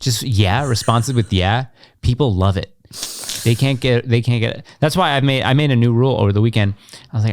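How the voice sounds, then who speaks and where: A young man co-hosting a podcast, talking bluntly with a sarcastic edge and slipping into mocking voices when he quotes people. His voice is mid-pitched and recorded dry and close. The talk stays casual and conversational. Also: a little fast, no room sound. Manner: blunt, sarcastic, acts out other people's lines. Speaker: podcast co-host. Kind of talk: casual chat. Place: podcast studio.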